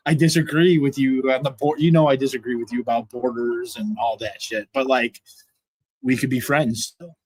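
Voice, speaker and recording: A man's voice: mid-range voice, fairly even intonation, normal speed, a little mellow, husky, no echo. A man hosting a casual livestream chat, easygoing and laughing often between words. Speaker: host.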